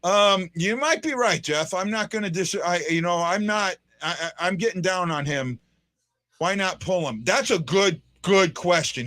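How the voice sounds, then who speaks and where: Excitable rambling man hosting a fan show. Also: fairly high pitch. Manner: excitable, rambling, frequent restarts and fillers. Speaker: fan podcast host. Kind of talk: casual live hockey commentary.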